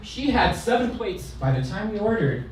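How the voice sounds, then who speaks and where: A brash, profane male stand-up comic from California's San Fernando Valley, firing off self-deprecating punchlines. His voice sits a little high for a man. It carries a lot of echo and is heard from some distance across a club, with steady room noise behind. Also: normal speed. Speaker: stand-up comedian. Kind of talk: stand-up set. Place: comedy club stage, live crowd. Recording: roomy live club sound from a distance.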